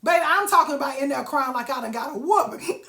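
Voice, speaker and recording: A woman's voice: sits high, expressive, fast, pushed and bright, reverberant. A woman giving a sassy, preachy motivational talk, calling listeners baby and honey. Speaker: motivational vlogger.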